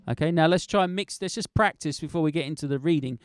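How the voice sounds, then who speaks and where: A middle-aged man teaching a drum lesson, counting in and chanting rhythm words slowly in time, encouraging his students. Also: a little high, over loud music.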